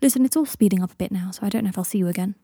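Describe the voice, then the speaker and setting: A woman's voice: mid-range voice, rapid-fire, warm tone, breathy edge, no room sound, clean studio sound. A woman voicing a wry, self-mocking young man, speaking dryly and flippantly.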